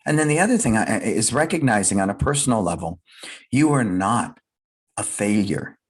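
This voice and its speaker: A man's voice: on the low side, very animated, moderate pace, husky. A middle-aged man giving a motivational fireside talk, earnest and emphatic, repeating his key phrases. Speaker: guest speaker, business leader.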